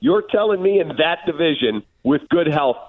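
A man on a thin, phone-like line argues his sports opinions with emphatic energy. His voice is fairly high and swings widely up and down as he makes his case. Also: lively intonation, normal speed. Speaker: sports radio guest on the hotline.

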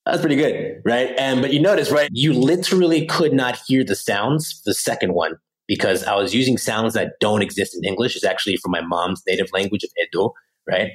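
Low-voiced man, animated talk. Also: a little fast, poor audio. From Pennsylvania, USA. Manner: animated, acts out phrases in other voices. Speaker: podcast guest, language teacher. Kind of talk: casual interview talk.

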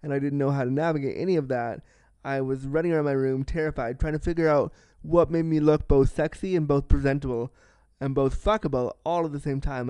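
A man's voice: mid-range voice, a little mellow, clean tone, no echo. A man hosting a podcast, telling a candid personal story in a frank, self-deprecating way, swearing freely and acting out the people in it. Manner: acts out the people in his story. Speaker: podcast host.

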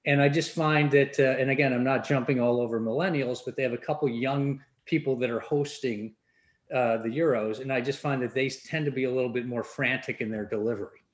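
A male co-host asking a guest a thoughtful, measured question in a casual podcast. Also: medium pitch, steady tone, reverberant.

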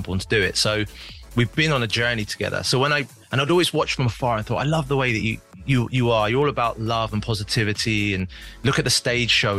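A man's voice: mid-range voice, bright, forceful tone. A male musician guest chatting in an interview, reflective and rambling with many restarts. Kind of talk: casual interview chat.

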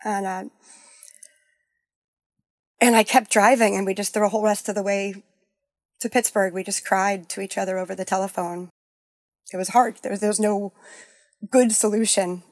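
A woman's voice: medium pitch, steady tone, no echo. Woman telling a personal story, dry close sound. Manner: halting, full of "like" and restarts, softening to near-whispers at sad moments. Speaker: guest sharing a personal story. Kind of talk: candid conversational storytelling.

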